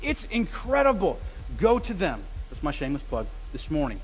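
A man preaching a sermon as pastor, telling stories with lively, self-deprecating humor. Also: on the high side, moderate pace, husky. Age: adult with a wife, past graduate study. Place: church sanctuary. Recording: long reverb of a church hall.

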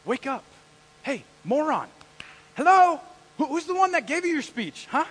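A man acting out God as an exasperated figure who scolds a timid servant with loud, rapid-fire questions. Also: very high-pitched, sing-song, long reverb tail, voice pushed up, exaggerated voice.

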